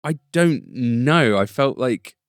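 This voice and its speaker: A man co-hosting a podcast, chatting casually about a film, often breaking into jokey high mock quotes. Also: lively intonation, slow, clear, resonant tone, dry recording, clean studio sound. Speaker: podcast co-host. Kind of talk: casual film review chat.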